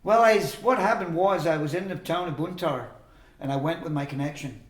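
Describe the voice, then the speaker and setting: A man's voice: on the high side, a little fast. Older man, storytelling interview guest, mimics quoted voices, echoey room. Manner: rambling anecdotes, acting out quoted voices. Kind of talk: storytelling in casual conversation.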